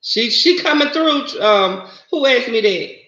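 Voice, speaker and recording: A woman's voice: on the high side, animated, measured pace, pushed and bright. A woman with a Southern US accent chatting casually on a livestream, greeting viewers and calling them honey and y'all. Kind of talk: casual live-stream chat. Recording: roomy, slightly dull lo-fi sound.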